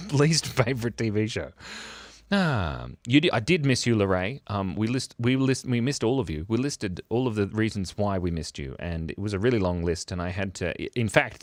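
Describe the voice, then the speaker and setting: A middle-aged man hosts a casual drawing livestream, rambling from one silly thought to the next and joking with his chat. His pitch swings widely up and down as he talks. The sound is dry and close, with no room echo. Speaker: livestream art host.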